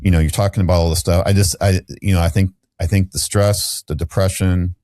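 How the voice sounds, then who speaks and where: A man's voice: low-pitched, fairly even intonation, brisk, warm tone, no room sound, studio quality. A middle-aged man, a podcast guest, telling a candid story in a rambling way with restarts and fillers.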